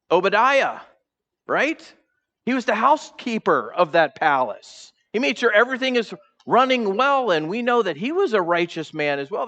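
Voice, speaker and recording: Preaching in a church sanctuary, a male pastor acts out the voices of the characters and directs questions at the congregation in an animated sermon. The recording is lo-fi, and his voice leans high.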